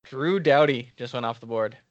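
A man co-hosting a casual fantasy sports podcast, reacting quickly in an easygoing way with short laughs. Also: medium pitch, dry recording, muffled recording. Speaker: podcast co-host. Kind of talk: casual fantasy draft chat.

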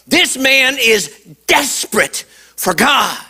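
A man preaching a lively sermon to kids, acting out voices and shouting at the high points. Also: measured pace. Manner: animated, acts out voices. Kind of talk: sermon to a young audience.

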